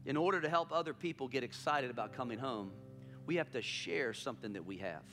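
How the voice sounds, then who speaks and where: A man's voice: mid-range voice, expressive, a little fast, fairly bright tone, faint music behind. A man preaching a sermon as pastor, telling a story with emphatic repetition.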